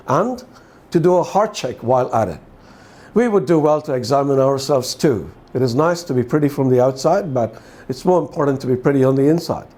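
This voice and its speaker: A man's voice: fairly high pitch, darkish tone. A man reading a gospel passage and then reflecting on it in a conversational preaching style, asking listeners questions with dry humor. He speaks with a distinctive accent. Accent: distinctive accent, often questioned. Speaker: preacher giving a daily devotional.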